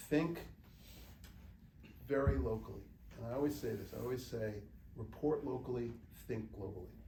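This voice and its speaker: A middle-aged American man tells lively anecdotes to a small student group and acts out the people he quotes. His voice is mellow with a gravelly rasp. The recording comes from a distant mic in a roomy space, with faint background noise. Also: medium pitch. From United States. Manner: animated anecdotal storytelling with acted quotes. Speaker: guest speaker, journalist. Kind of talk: storytelling talk to students.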